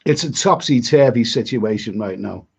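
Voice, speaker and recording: Hosting a live chat with viewers, a travel vlogger from Britain rambles through their comments, frequently repeating and restarting himself. He speaks at a moderate pace in an animated, medium-pitched voice that is creaky and darkish with a breathy edge.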